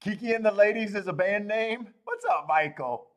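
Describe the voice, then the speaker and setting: This high-pitched man speaks at normal speed with lively intonation while running a live horse racing betting stream. Casual and profane with viewers, he's self-mocking and laughs often.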